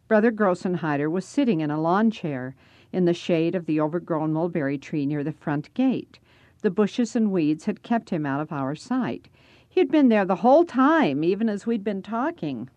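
Expressive woman reading a storybook. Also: fairly low pitch, normal speed, no echo. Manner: expressive first-person reading. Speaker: narrator. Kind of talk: storybook narration.

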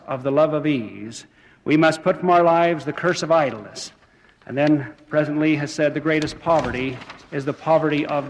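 A man giving an earnest sermon to church brethren, urging them on with some fillers and restarts, with a long hall reverb. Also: a little high. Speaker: church speaker.

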